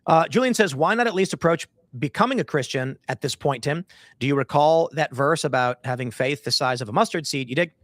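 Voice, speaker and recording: A man's voice: a little high, animated, a little fast, fairly bright tone, no room sound, studio quality. A man in his thirties hosting a livestream, rambling casually and reading chat aloud with joking mock voices. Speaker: livestream host.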